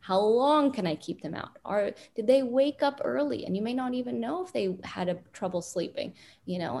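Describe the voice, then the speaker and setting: A woman parenting expert calmly explaining advice in an interview, with many fillers. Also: medium pitch, creaky, a little hiss or hum. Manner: calm, deliberate, frequent fillers.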